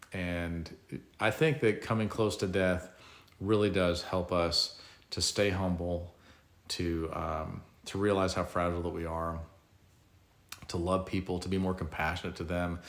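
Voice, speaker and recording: A man's voice: sits low, roomy sound. A middle-aged man, telling a personal story in a casual, self-mocking and reflective way.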